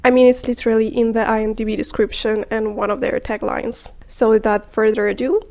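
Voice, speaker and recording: A woman narrating a scripted film review video in a measured, explanatory way, sometimes dropping into hushed asides. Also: a little high, little pitch movement.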